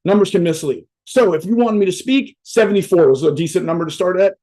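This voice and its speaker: A man's voice: high voice, quick pace, dark tone, poor audio. A man giving a casual, profane motivational talk on a video call, joking and rambling, tossing in "right?" after almost every point. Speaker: motivational speaker. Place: on a virtual event via video call.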